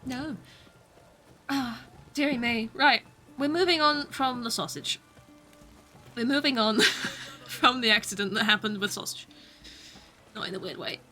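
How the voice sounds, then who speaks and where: A woman's voice: fairly high pitch, unhurried, pauses often, sharp tone, soft background music. A young woman streaming a video game, chatting along with giggly, self-mocking asides. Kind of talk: live gameplay commentary.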